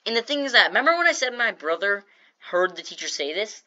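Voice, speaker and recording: A woman's voice: medium pitch, sing-song, quick pace, sharp tone, dry recording, lo-fi sound. A woman casually telling a storytime vlog, chatty and jokey, acting out what people said. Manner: chatty, jokey asides, acts out quoted lines. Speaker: storytime vlogger.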